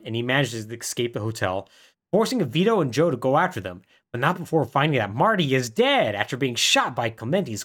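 A man chatting casually on a podcast, walking through a story beat by beat. His pitch swoops up and down a lot as he talks. He keeps dropping into quick voices for the characters. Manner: animated retelling, acts out characters' lines in quick voices. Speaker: podcast co-host. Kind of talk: casual plot recap.

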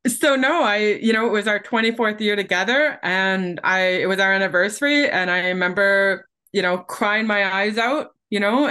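A woman's voice: medium pitch, fairly bright tone. A woman in her forties, a keynote speaker and podcast guest, telling her life story animatedly and acting out the dialogue.

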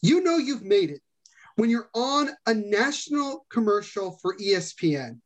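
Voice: mid-range voice, big pitch swings, normal speed. A podcast co-host in casual chat, enthusiastic and rambling, with a mid-range voice.

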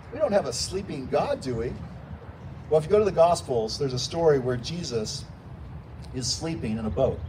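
A man preaches to his congregation in an animated way, rising toward shouts when he voices cries for help. His voice sits high for a man. It sounds far from the microphone, with faint noise underneath. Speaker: pastor. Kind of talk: sermon. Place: church sanctuary. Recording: distant mic with faint room noise.

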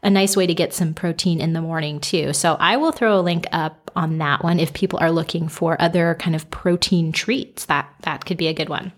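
Middle-aged woman co-host, slightly low voice, easygoing chat with fillers. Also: moderate pace, few pauses. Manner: relaxed, conversational, with many fillers. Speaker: podcast co-host. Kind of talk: casual chat.

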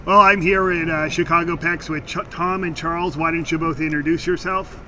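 A man's voice: fairly high pitch, steady tone, normal speed, sharp tone, far from the mic. Chatty male host on a noisy floor. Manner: chatty, joking, rambling. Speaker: host and interviewer. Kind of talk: casual interview at a stamp show. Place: busy stamp show floor.

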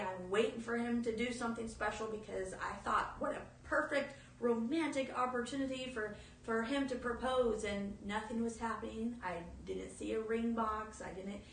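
A woman's voice: a little high, steady tone, normal speed, gravelly, hardly any pauses, a little hiss or hum. A woman giving an informal sermon, earnest and storytelling. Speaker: speaker in a teaching talk. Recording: echoey room, mic at a distance.

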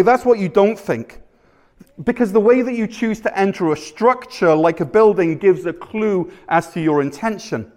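A male pastor preaching a sermon at a live church service, conversational and self-deprecating, telling stories with animated asides. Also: high-pitched, moderate pace.

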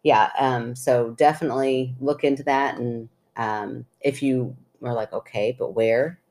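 Low voiced woman on a podcast, chatty and giggly, reads out a listener story. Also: fairly even intonation, a little slow, darkish tone. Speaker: podcast co-host. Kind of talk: casual chat, reading a listener's story.

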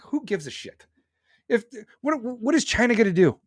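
A man's voice: sits high, sing-song, a little fast, no echo, clean studio sound. Blunt, profane man ranting. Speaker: podcast host. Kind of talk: opinionated political rant.

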